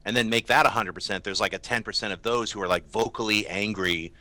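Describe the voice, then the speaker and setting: A man's voice: fairly low pitch, steady tone, quick pace, sharp tone, no room sound. A male co-host losing his voice, giving emphatic, opinionated takes in a casual panel chat. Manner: opinionated, emphatic, mocks fan complaints. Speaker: movie show co-host.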